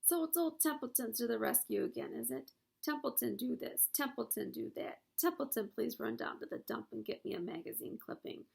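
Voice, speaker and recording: Storybook rat, male, lazy and sarcastic, gravelly grumble with a husky edge, as a woman puts him on. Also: on the high side, lively intonation, a little fast, a little mellow, exaggerated voice. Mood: grumbling. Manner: mocking and grumbling.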